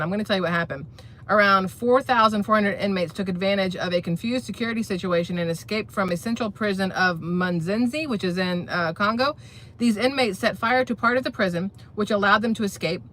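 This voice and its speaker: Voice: medium pitch, fairly bright tone, slight background noise. A channel host giving blunt, opinionated political commentary in a casual vlog, talking straight to viewers and rambling through restarts.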